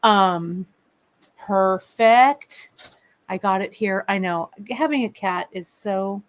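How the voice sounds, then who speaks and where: A woman in her fifties hosts a live craft stream from her workbench. She talks slowly and unhurriedly, rambling warmly between asides to her viewers and her cat. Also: mid-range voice, rough recording. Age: 50s. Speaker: host of a live beading show. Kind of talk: casual live-stream chat. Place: workshop bench, indoors.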